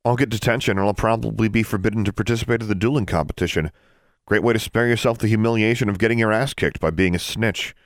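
A man's voice: fairly low pitch, quick pace, no room sound, clean studio sound, voice pushed up, lightly acted. A man voicing a defiant teenage witch girl who snaps indignant retorts.

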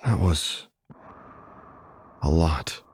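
Man reading a soft-spoken gentle young man. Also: very deep voice, very slow, slight background noise, heavily acted. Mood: tender. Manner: soft, quiet, earnest.

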